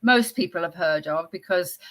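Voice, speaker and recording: A woman's voice: lowish voice, moderate pace, low-quality recording. An older woman with a Southern English accent, chatting casually and a bit ramblingly as a guest, wry and talkative. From England. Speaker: guest, host's mother. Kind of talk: casual chat.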